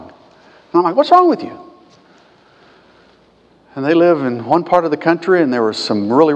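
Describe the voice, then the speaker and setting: A man preaching a sermon as pastor, swinging between quiet conversational asides and loud, emphatic peaks. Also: a little high, lo-fi sound. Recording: long hall reverb.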